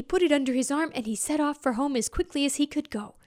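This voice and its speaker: Woman telling a folk tale, animated, lively delivery, high voice. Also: fast talker, few pauses. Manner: expressive, with voiced sound effects and hushed whispers. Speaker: storyteller.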